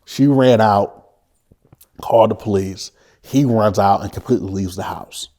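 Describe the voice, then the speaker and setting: Earnest low-voiced man recounting his past. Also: mellow. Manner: earnest, halting, with frequent restarts; vivid retelling. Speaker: interview guest. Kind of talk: personal life story in an interview.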